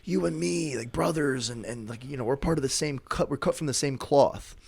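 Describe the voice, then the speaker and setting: A man's voice: mid-range voice, moderate pace, gravelly, darkish tone, breathy edge, pitched above the performer's own voice. A man voicing a scheming male vampire who coaxes his enemy to join him, stammering in a mock-friendly way.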